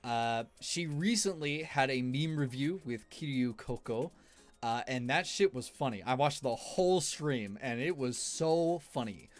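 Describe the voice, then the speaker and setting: A man's voice: medium pitch, expressive, measured pace, faint music behind. A man streamer giving rambling, casual tier-list commentary, laughing often between fillers.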